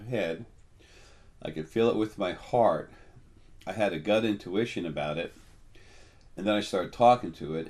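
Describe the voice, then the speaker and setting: Low-voiced older man rambling with ums. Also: darkish tone. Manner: rambling, halting with many ums. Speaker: spiritual teacher. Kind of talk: casual monologue.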